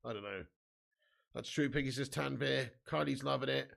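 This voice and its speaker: A man's voice: medium pitch, moderate pace, gravelly, fairly bright tone. A young man hosting a live football watch-along, reading out viewer comments and ranting bluntly about his team's heavy loss. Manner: blunt, sweary, frustrated fan banter.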